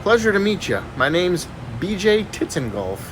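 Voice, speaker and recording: A man voicing a cheeky, brash young joker in his own jokes, told with lively animation. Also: high-pitched, normal speed, noisy background, voice pushed up. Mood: smooth.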